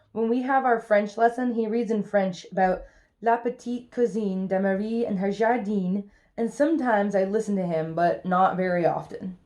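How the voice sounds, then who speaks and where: A woman reading a children's picture book aloud in an expressive, lively first-person storytelling voice. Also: medium pitch. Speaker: reader.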